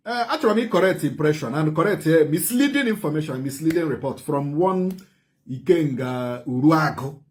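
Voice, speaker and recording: A man with an Igbo Nigerian accent giving impassioned commentary, repeating phrases in rapid bursts. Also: on the high side, expressive.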